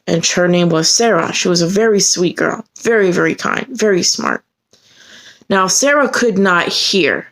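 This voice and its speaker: A woman telling a personal story to the camera in an earnest way. Her voice climbs sharply when she gets indignant. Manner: earnest, heated retelling that rises sharply in pitch when indignant.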